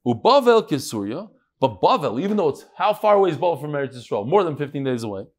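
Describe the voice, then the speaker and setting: Guy teaching talmud to a room, kinda high voice, super animated, cracks jokes, throws in hebrew words. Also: quick pace. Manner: lively, joking, mixes Hebrew and Aramaic terms. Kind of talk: live daily Talmud lecture.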